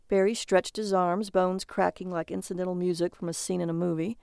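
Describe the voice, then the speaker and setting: A woman's voice: lowish voice, brisk, gravelly, darkish tone, smooth, no room sound. A woman reading a comic short story aloud as narrator, in a dry, matter-of-fact manner.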